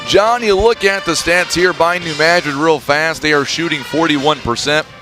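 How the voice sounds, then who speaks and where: Radio sports guy rattling off halftime numbers, kinda high pitched, faint music under. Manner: brisk, reels off numbers, teasing. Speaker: play-by-play announcer. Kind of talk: radio basketball halftime stats rundown.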